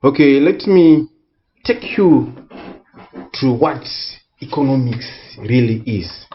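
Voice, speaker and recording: Slow, deliberate male economics tutor. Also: medium pitch, animated, lo-fi sound. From Southern Africa. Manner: slow, deliberate, repeats key words for emphasis. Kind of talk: recorded tutorial lesson.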